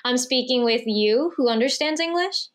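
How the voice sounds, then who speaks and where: A woman co-hosting a podcast, explaining her point slowly and thoughtfully in casual chat. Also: sits high, animated. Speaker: podcast co-host.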